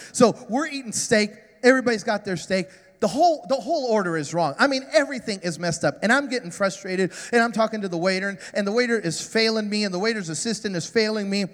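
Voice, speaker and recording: A man preaching a sermon, telling funny stories with emphatic, shouted high points. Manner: animated, humorous storytelling with emphatic shouts. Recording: long hall reverb.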